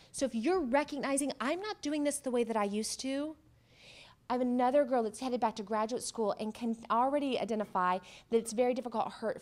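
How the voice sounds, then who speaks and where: A woman psychotherapist giving a workshop presentation, talking conversationally, asking the audience questions and acting out quoted remarks with lively jumps in voice. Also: a little high. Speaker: cancer psychotherapist.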